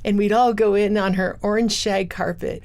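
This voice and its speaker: A woman's voice: mid-range voice, steady tone, moderate pace, darkish tone. A middle-aged woman, a guest in an interview, telling her life story earnestly in a studio. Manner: earnest storyteller, acts out quoted voices. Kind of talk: personal testimony interview.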